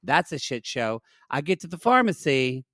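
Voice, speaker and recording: A man co-hosting a podcast, telling a long story in casual chat, animated and profane, recorded on a dry, close mic. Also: mid-range voice, normal speed, no room sound. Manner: animated, profane storytelling with dramatic quoted outbursts. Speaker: podcast co-host.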